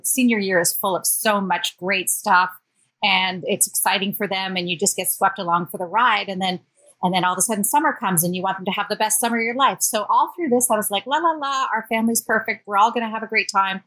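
A woman's voice: mid-range voice, bright, forceful tone, poor audio. Woman guest, author, tells her story with lots of feeling. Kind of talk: interview storytelling.

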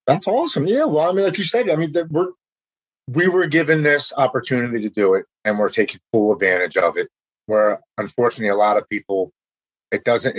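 Earnest man in his forties, low husky voice, dry close sound, halting recovery talk. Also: fairly bright tone, dry recording, poor audio. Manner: earnest, halting, with repeated restarts. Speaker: person in recovery sharing his story. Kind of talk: casual conversation.

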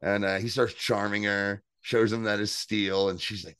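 A man co-hosts a podcast and recaps an episode in casual, animated chat, swearing freely and jumping up in pitch to act out quotes. His voice sits on the low side and is recorded close and dry, with no room sound. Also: normal speed, smooth, no room sound. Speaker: podcast co-host.

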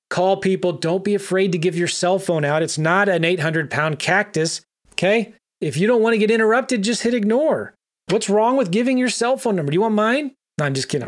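Animated man coaching sales. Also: on the high side. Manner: emphatic, animated, talks straight to the viewer. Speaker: real estate investor teaching. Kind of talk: energetic coaching talk.

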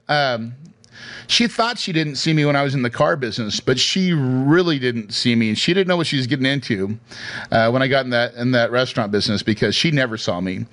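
His voice sits in the mid range, a bit bright. Chatty and checking in with the listener a lot, he tells his career story as casual personal storytelling, with hesitant restarts and frequent "right?"s.

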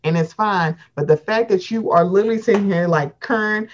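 Blunt, animated woman from Baltimore. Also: fairly low pitch, fairly quick, highs cut off. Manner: animated, blunt and profane, acts out quoted voices. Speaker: podcast co-host. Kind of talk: casual reality-TV gossip chat.

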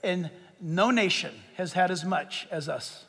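A man's voice: high-pitched, lively intonation, unhurried, vocal fry, pushed and bright. A man preaching a sermon from a stage, fervent and emphatic, repeating phrases for stress. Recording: long reverb of a big hall.

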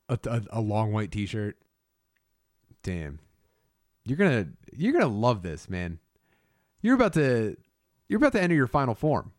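A man's voice: medium pitch, wildly swooping pitch, a little slow, long pauses, no room sound, clean studio sound. A man co-hosting a podcast in casual chat, joking and rambling with plenty of swearing. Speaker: podcast co-host.

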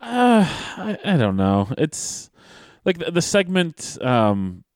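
A man's voice: a little high, huge pitch swings, takes it slowly, a little mellow, no room sound, clean studio sound. A man co-hosting a podcast in casual chat, rambling and restarting his phrases with emphatic stresses. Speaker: wrestling podcast co-host.

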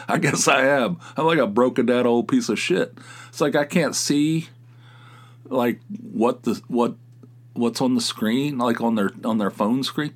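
A man's voice: medium pitch, sing-song, unhurried, slightly rough. A middle-aged man hosting his podcast from his home office, chatting casually in a rambling, self-mocking way and swearing freely. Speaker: podcast host. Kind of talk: casual solo chat.

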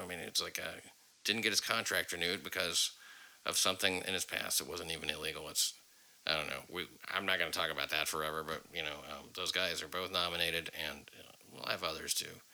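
A man's voice: sits low, sharp tone, rough recording. A man hosting a podcast, talking in a rambling, profane way with many fillers. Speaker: podcast host. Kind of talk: casual podcast chat.

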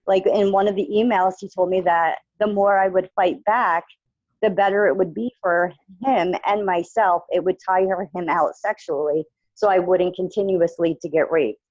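A woman guest recounts something painful that happened to her, speaking haltingly and leaning on fillers. Her voice sits fairly low. The recording is dry with slightly muffled highs. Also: fairly even intonation, a little mellow, no room sound. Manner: halting, many fillers like "you know" and "like". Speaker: guest sharing her own experience. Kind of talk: emotional personal account in conversation.

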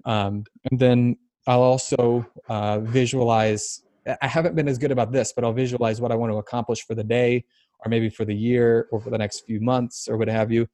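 A man hosting a podcast, explaining ideas thoughtfully with many pauses. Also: medium pitch, fairly even intonation, warm tone, no room sound. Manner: thoughtful, explanatory, halting with fillers. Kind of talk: casual podcast chat.

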